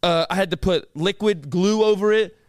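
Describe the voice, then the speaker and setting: A young man co-hosting a podcast, telling stories in a loud, animated way with quick impressions of other people. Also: high voice, no room sound, clean studio sound. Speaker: podcast co-host. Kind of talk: casual chat.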